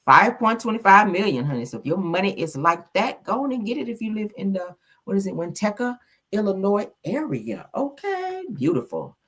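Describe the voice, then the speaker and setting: A woman's voice: medium pitch, very animated, fairly quick, a bit bright. A woman hosting a gossip channel, chatting casually and gushing, calling her viewers honey and child. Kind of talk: casual commentary.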